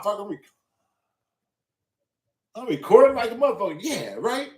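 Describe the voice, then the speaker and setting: A high-pitched man tells a neighborhood story, swearing freely and hammering each point with emphasis. His voice rings out in a roomy, echoey space. He talks as the host of a casual talk show. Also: moderate pace, pauses often, distant mic. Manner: profane, emphatic and animated. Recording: roomy echo.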